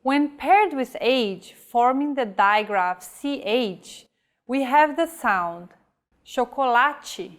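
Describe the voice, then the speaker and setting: Slow, careful woman teacher. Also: high-pitched, expressive. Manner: slow, careful, enunciating example words. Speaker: language teacher. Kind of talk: slow scripted pronunciation lesson.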